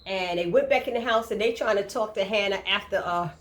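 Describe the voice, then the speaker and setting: A woman recapping a TV episode in a casual, animated way, laughing and acting out the characters' lines. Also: mid-range voice, a little fast. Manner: expressive, laughing, acts out quotes. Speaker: TV recap vlogger.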